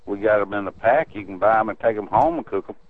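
A gruff, irritated store clerk, talking bluntly on a phone call. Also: male voice, lowish voice, quick pace. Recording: tinny phone line with crowd noise.

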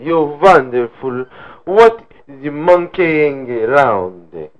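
A man doing a slow, swooning prank caller voice. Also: on the high side, sing-song, highs cut off. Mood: fawning. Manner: slow, halting, swooning over the woman he calls.

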